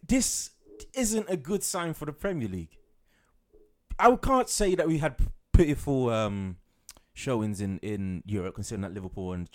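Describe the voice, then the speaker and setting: Halting, animated man on a podcast. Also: fairly low pitch. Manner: rambling, halting, many restarts. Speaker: podcast co-host. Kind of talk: casual football podcast chat.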